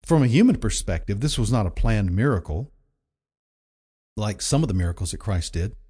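A man's voice: fairly low pitch, expressive, moderate pace, dark tone, husky. A man preaching a sermon in a conversational, emphatic way, often repeating himself for effect. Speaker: pastor.

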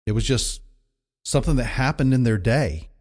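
Man, pastor, sermon, casual and emphatic, mid-pitched voice. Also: animated, moderate pace, darkish tone. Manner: conversational, emphatic preaching with repetitions.

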